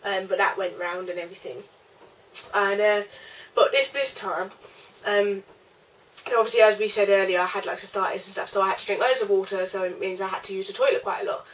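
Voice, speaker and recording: A woman's voice: mid-range voice, a little fast, recorded from a distance, slight background noise, rough recording. A young woman telling a rambling storytime vlog, chatty, with lots of fillers. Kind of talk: casual storytime.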